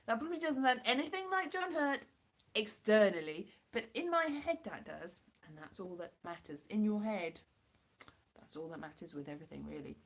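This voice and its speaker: A hoarse woman from the United Kingdom rambling and joking as she chats with viewers on a live stream through a computer mic. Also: mid-range voice, animated, moderate pace. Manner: rambling and jokey, chatting to viewers. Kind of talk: casual live-stream chat answering viewers.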